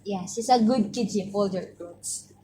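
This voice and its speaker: At bedtime in a bedroom at home, a woman with a Filipino accent chats casually, coaxing a child before reading a story aloud and tacking little particles onto her sentences. Her mid-range voice is mellow and a little slow, with a bit of hiss or hum.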